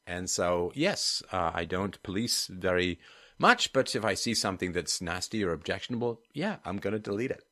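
A deep-voiced man hosts a livestream and reads viewer comments aloud. He rants in a sardonic way, dropping to low mutters and then rising to loud, emphatic bursts. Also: lively intonation, fairly quick. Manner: ranting, sardonic, swings between low mutters and loud outbursts. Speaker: host of a call-in and live-chat show.

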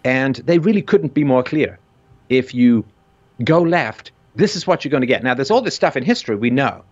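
A man's voice: medium pitch, expressive, normal speed, highs cut off. A man with a vaguely British colonial accent, hosting an intense discussion and rising sharply when stressing a point. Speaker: podcast host.

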